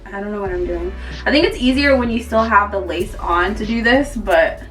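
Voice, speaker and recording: A woman's voice: medium pitch, moderate pace, fairly bright tone, distant mic, faint music behind. A woman chatting casually to camera as a beauty vlogger, rambling with lots of fillers.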